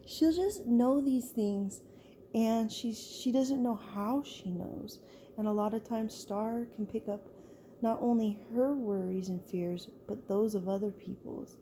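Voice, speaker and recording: A woman's voice: fairly high pitch, measured pace, dark tone, a little hiss or hum. A woman telling a story in a loose, chatty way, full of "like" and restarts. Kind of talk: casual spoken storytelling.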